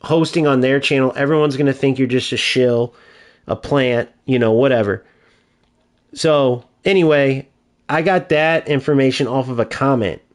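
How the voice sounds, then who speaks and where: A man's voice: medium pitch, normal speed. A man streaming a video game, ranting in casual, profane commentary.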